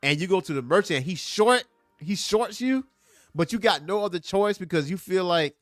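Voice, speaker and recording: Casting note: young adult man, comic show host, lively and emphatic delivery, dry close sound with faint music underneath. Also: high-pitched, normal speed, no echo. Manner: animated, emphatic, repeats points for effect. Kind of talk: casual comic book review.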